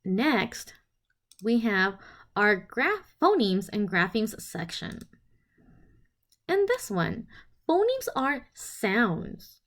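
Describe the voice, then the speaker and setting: A woman presenting a phonics lesson, speaking clearly and sounding out each letter and sound one at a time. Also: fairly high pitch, very animated, drawn-out words, long pauses, a bit bright. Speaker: teacher presenting a literacy lesson. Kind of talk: instructional presentation.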